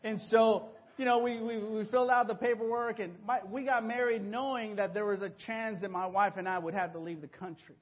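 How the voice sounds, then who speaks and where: High-voiced man telling a church testimony. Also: a little fast, hardly any pauses, dull audio. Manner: animated storytelling, acting out voices and exclamations. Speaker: church member giving a testimony. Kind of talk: personal testimony to a congregation.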